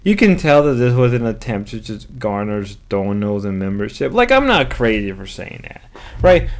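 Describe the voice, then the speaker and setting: A man's voice: medium pitch, big pitch swings, moderate pace. A man giving reaction commentary on a stream clip, rambling with hesitant fillers and restarts. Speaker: commentary youtuber.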